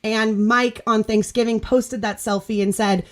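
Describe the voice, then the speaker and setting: A woman's voice: fairly high pitch, fairly even intonation, a little slow. A woman hosting a casual podcast chat over a video call, telling a story in a bubbly, gushing way and laughing often. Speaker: podcast host.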